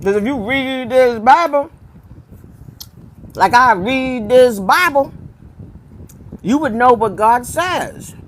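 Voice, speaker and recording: A woman preaching live to her online viewers, emphatic and insistent. She pushes rhetorical questions at the audience and hammers key phrases through repetition. Her voice sits a little higher than most women's and comes through a phone or webcam mic. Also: lively intonation, slow pace, pauses often, rough recording. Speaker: preacher hosting a live stream. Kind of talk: informal live-stream preaching.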